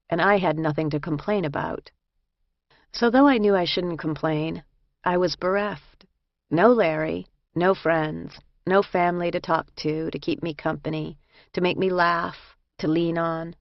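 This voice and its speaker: A woman with a low, gravelly voice reads a first-person memoir in a measured, reflective way. The recording is dry and a little dull, with no room around her. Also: no echo. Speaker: audiobook narrator.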